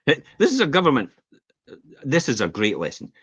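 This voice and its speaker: A Scottish man chatting on a podcast as the host, opinionated and animated, with laughs slipping into his rants. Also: medium pitch, a little fast, husky, dry recording. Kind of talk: casual podcast chat. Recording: dull lo-fi podcast audio.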